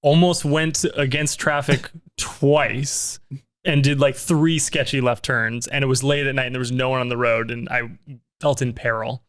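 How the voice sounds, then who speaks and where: A man's voice: mid-range voice, steady tone, normal speed, a bit bright, clean tone. A man from Canada co-hosting a podcast, joking casually and laughing between his lines. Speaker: podcast co-host. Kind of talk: casual chat.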